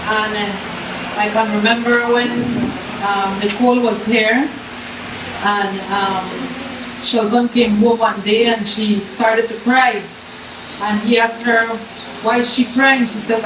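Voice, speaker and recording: A woman giving an emotional, halting testimony as a mother. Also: fairly high pitch, flat delivery. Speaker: mother of a community member. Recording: echoey, distant, noisy outdoor recording.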